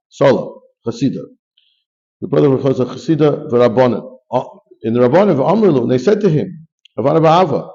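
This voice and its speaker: A man teaches a Talmud class in a gravelly, mellow voice. He reads Aramaic lines and explains each in English, often starting over mid-phrase. The recording sounds dull and lo-fi. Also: fairly high pitch. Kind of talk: Talmud class, reading and translating.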